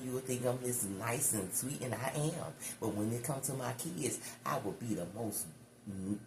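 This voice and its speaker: A woman tarot reader telling a story to her viewers in a chatty, animated, profane way, calling them y'all. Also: a bass voice. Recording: echoey room with background noise.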